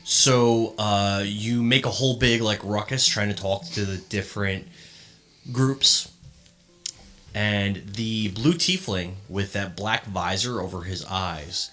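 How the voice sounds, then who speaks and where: A man running a tabletop game as game master, explaining in a relaxed way. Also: fairly low pitch, slow pace, faint music behind. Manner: relaxed, explains with fillers and restarts.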